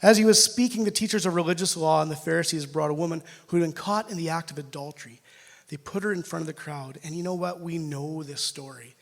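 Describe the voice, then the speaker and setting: A middle-aged man with a Canadian accent preaching a sermon, emotional and self-deprecating, swinging between loud and quiet. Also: a little high, fast talker, gravelly. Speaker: pastor.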